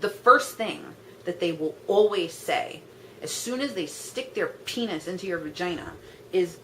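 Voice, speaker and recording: A woman's voice: on the low side, expressive, unhurried, pushed and bright, slight background noise, rough recording. A young woman vlogging a blunt, profane rant, talking in an exasperated way and filling her sentences with "like". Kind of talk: ranting vlog monologue.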